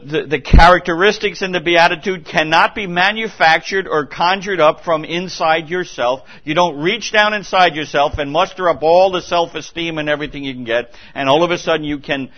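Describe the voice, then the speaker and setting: A man's voice: a little high, normal speed. Earnest preaching man, dull lo-fi sound. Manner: earnest, emphatic preaching with repetitions and restarts. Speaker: pastor. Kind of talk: sermon. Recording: dull lo-fi recording.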